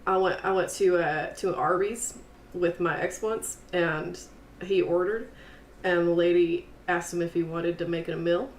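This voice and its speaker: A woman's voice: on the low side, steady tone, normal speed. A woman giving rambling, chatty commentary while she plays a game. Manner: rambling, chatty, lots of fillers and laughs. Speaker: streamer. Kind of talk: casual gameplay commentary. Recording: echoey room with faint noise.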